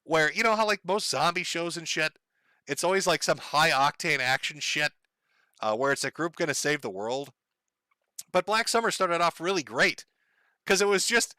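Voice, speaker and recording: A man's voice: a little high, big pitch swings, normal speed, pushed and bright, no room sound. A man hosting a casual livestream, rambling and swearing and laughing often. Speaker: livestream host.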